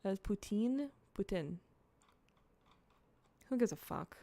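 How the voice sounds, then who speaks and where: Young woman streamer, loose rambling chat, cusses a lot, gravelly fry in the voice. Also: medium pitch, animated, slow pace, mellow, dry recording. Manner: chatty, rambling, swears freely, talks to chat. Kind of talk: casual livestream chat, eating on camera.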